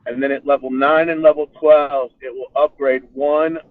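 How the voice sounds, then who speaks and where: A man on a live Q&A calmly explaining a game rule step by step. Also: medium pitch, normal speed, no room sound. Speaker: panelist. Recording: tinny phone-like call audio.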